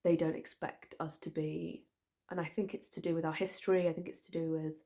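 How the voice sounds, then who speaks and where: A woman's voice: fairly low pitch, a little mellow. A young Scottish woman with a light Edinburgh accent, sounding almost English, chatting casually through viewer questions with many fillers and restarts. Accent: light Edinburgh Scottish, close to English. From Scotland. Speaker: comedian answering viewer questions. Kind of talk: casual Q&A chat.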